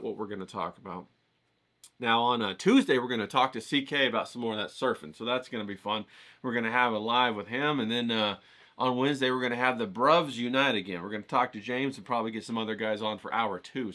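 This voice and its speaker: Energetic guy hosting his channel, bright voice, rambly chatty hype talk to viewers. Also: medium pitch, fast talker. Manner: energetic, rambling, hypes up viewers with repeated questions. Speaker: host of an art challenge channel. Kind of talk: casual chat to viewers.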